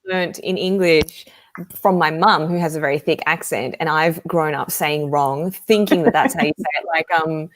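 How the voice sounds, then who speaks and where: An easygoing woman talks as a guest over a video call. Her voice sits a little low. She laughs often as she tells her stories. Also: normal speed. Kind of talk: casual video-call chat.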